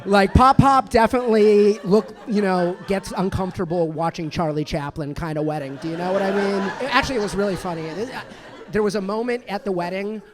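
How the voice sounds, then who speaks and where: High-voiced rambling man doing stand-up. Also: brisk, crowd noise. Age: 30s. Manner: rambling, self-deprecating, with many restarts and fillers. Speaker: stand-up comedian. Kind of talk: stand-up comedy set. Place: comedy club stage with a live audience.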